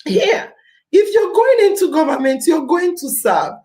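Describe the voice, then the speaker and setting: A woman's voice: very high voice, sing-song, unhurried, a little mellow, roomy sound, low-quality recording. A Nigerian woman hosting a podcast, giving an impassioned civic talk, repeating phrases for emphasis and slipping into Pidgin. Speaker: podcast host.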